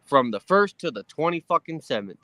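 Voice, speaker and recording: A man's voice: fairly high pitch, very animated, brisk, bright, forceful tone, no room sound. Emotional man ranting with dry sound. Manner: heated, profane ranting. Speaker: guest. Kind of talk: casual chat.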